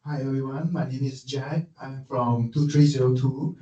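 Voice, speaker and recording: A male student from Negeri Sembilan introduces himself slowly and carefully. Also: medium pitch, fairly even intonation, dark tone. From Negeri Sembilan, Malaysia. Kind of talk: self-introduction in class. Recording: dull echoey classroom, far from mic.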